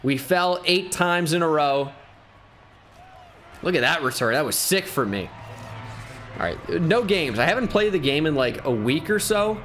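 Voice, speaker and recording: A man giving excitable video game commentary, thinking aloud with bursts of hype. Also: a little high, a little slow, long pauses, a little hiss or hum. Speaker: gaming YouTuber.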